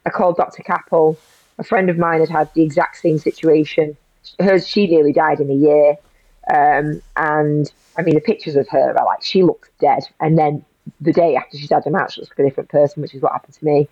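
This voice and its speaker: A woman's voice: deep voice, steady tone, brisk, darkish tone, no echo. A woman, a guest in an interview, telling a personal story in an emotional rush full of restarts. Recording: dull lo-fi audio.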